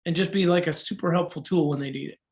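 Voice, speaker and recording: A man's voice: fairly high pitch, quick pace. A man, a coach, answering interview questions and explaining a tool, acting out the people he quotes. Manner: animated, acts out quoted voices.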